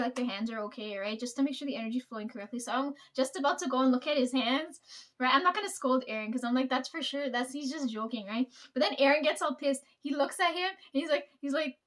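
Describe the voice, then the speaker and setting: Young woman, high voice; loose, profane storyteller who laughs often. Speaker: vlogger. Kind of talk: casual storytelling.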